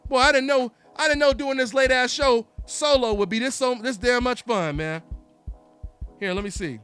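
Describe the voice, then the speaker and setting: A man hosting a solo live call-in boxing talk show, animated and taunting, calling out listeners over and over. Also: extremely high pitch, normal speed, clean tone. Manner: animated, taunting, repeats himself.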